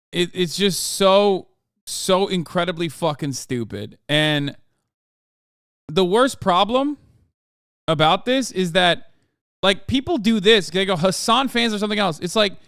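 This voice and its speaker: An American man in his thirties rants on a livestream, cursing freely and sounding fed up. His voice sits high and comes across smooth and clean. The sound is dry and close, with no room around it. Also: fairly bright tone, no echo. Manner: profane, exasperated ranting. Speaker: political commentary streamer. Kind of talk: livestream commentary.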